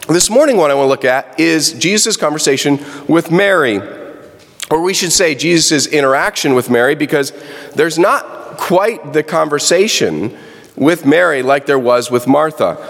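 A man's voice: a little high, a bit bright. A man preaching a sermon as a pastor, talking in a conversational way and correcting himself as he goes. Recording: long reverb.

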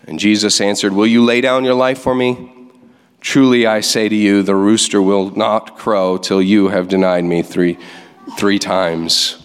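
A man's voice: lowish voice, moderate pace, clear, resonant tone. A man preaching in a church, his voice ringing with a long hall reverb. He reads scripture aloud and then explains it, stressing key words as he goes. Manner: preaching with lively emphasis, reading scripture aloud. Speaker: pastor. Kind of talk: sermon. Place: church sanctuary.

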